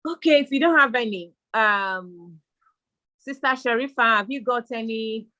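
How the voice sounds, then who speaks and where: Slow-spoken woman host. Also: fairly high pitch, pushed and bright. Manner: slow, hesitant moderating. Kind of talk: online panel discussion.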